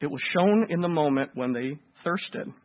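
A man preaching a sermon to a congregation, animated and asking them questions. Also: a little high, moderate pace, dull audio, a little hiss or hum. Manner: animated, asks the congregation questions, acts out voices.

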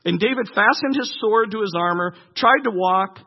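Brief: male pastor, high husky voice, reads a passage then comments, dull recording in a reverberant hall. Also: normal speed. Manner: reads scripture aloud and breaks off to comment. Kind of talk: sermon.

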